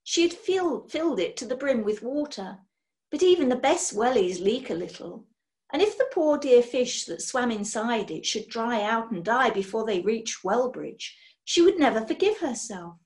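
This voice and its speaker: A woman reading a children's book aloud, expressive, swinging between loud and hushed. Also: a little high, normal speed. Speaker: storyteller.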